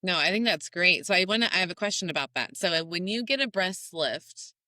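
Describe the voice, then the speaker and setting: A woman's voice: lowish voice, expressive, a little fast, pushed and bright, dry recording, clean studio sound. A woman hosting a podcast, chatting casually, reacting and asking plain questions. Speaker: podcast host.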